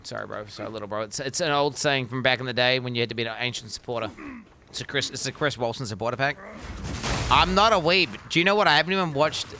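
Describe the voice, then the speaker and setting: A young man streaming a game, chatting casually with lots of swearing and sudden excited yells. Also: mid-range voice, quick pace, a little hiss or hum. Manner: profane, rambling, bursts into excited yells. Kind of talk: casual live-stream gaming chat.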